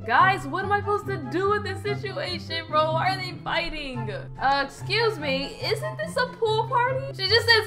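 A woman's voice: extremely high pitch, animated, normal speed, few pauses. A woman casually narrating a game roleplay, slangy and reactive, reading out other players' lines. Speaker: gaming video creator narrating a roleplay. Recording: background game music.

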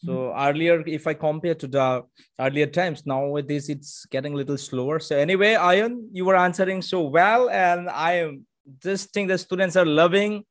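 An upbeat male host keeps a live online session moving, greeting viewers and reading out names. His voice sits a touch high, coming through a video call. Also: normal speed. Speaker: moderator.

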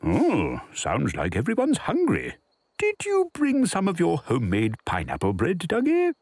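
A woman narrating a children's cartoon in a gentle, encouraging, storyteller manner. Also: fairly low pitch, huge pitch swings, measured pace.

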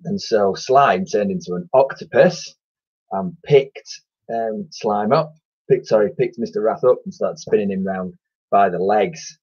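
Low, husky teacher reading a story. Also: male voice, darkish tone. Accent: English. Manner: chatty, with fillers and self-corrections. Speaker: primary school teacher. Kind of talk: reading a children's story aloud. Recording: dull lo-fi sound.

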